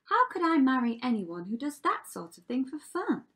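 A woman's voice: sits high, very animated, moderate pace, fairly bright tone, husky, pitched above the performer's own voice, heavily acted. A woman doing a plaintive young Cinderella. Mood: earnest. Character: wary, put-upon young Cinderella.

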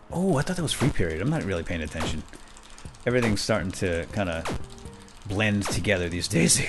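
Excitable man with a lively voice. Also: on the low side, a little fast, soft background music. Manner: excitable, chatty, talks to game characters, gasps and laughs. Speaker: let's play host. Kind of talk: gameplay commentary.

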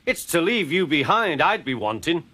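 A man's voice: sing-song, moderate pace, exaggerated voice. Donald, a hot-tempered Scottish engine, as a man puts him on. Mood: angry. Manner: scolding, high and sharp. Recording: music playing behind.

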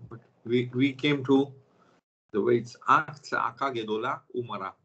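Husky-voiced man teaching an online class. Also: medium pitch, moderate pace, pushed and bright, highs cut off. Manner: explains step by step, stops to check with students.

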